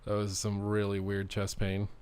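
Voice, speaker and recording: Lower-voiced young man calling plays. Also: monotone, normal speed, darkish tone, smooth. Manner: incredulous, reactive, slangy. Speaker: streamer. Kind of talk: live gameplay commentary.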